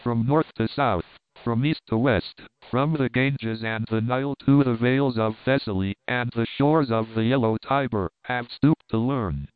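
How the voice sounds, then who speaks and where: A man's voice: mid-range voice, a little slow, smooth, dry recording, natural voice. Arbaces, haughty sorcerer, read by a man. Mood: commanding. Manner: commanding, lofty archaic speech. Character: haughty commanding male sorcerer, stately. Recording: phone-like lo-fi audio.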